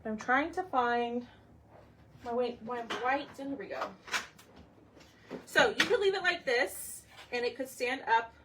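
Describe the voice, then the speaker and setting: Slow, chatty woman crafter. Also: on the high side, expressive, noisy background. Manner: chatty, talks to viewers by name while working; thinks aloud, often trails off. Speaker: craft livestream host. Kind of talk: live crafting tutorial.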